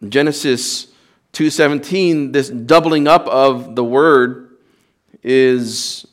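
A man's voice: medium pitch, slow. A male pastor preaching a sermon in an earnest, emphatic way, repeating words and restarting phrases.

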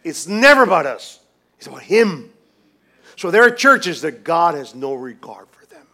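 A man preaching a sermon as pastor, swinging from hushed, quiet lines to loud, emphatic ones, with many restarts. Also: a little high, big pitch swings, normal speed.

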